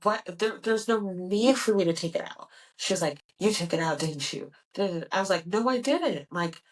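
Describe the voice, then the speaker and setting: A young woman in her twenties hosting a podcast, telling a personal story in a candid, animated way and acting out the dialogue. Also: lowish voice, brisk, far from the mic, poor audio. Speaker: podcast host.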